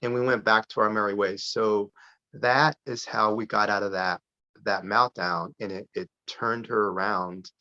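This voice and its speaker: Bright-voiced man telling a story. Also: fairly low pitch, a little slow. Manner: lively anecdote-telling with frequent restarts. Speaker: podcast guest, parent advocate. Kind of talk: storytelling in a podcast interview. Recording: dull lo-fi sound.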